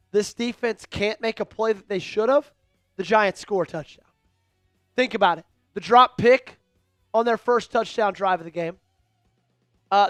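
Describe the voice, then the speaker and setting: Excitable high-voiced male sports streamer. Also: clear, resonant tone, no echo, studio quality. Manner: excitable, hypes up viewers. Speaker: host of a team live stream. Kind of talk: live play-by-play commentary.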